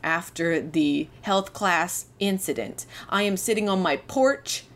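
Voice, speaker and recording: A woman's voice: fairly low pitch, slow, fairly bright tone. A young woman, hosting a podcast and telling a candid, self-deprecating personal story. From Canada. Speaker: podcast host.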